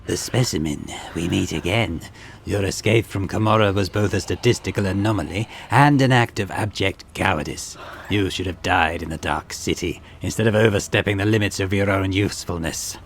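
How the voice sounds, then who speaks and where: A man doing a haughty, scornful alien scientist who makes clones of himself, drawling his lines in a low voice. He speaks slowly and looks down on everyone. The voice comes from a gaming video with a faint hiss behind it. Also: creaky. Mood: disdainful. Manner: haughty, condescending, slow and measured. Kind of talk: reading video game dialogue aloud.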